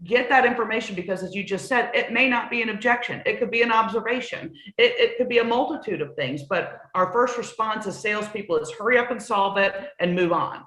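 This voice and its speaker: A woman's voice: mid-range voice, brisk, few pauses, fairly bright tone. A middle-aged woman, a new home sales trainer, coaching in an earnest, emphatic conversational way and repeating points for stress. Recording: roomy echoey sound.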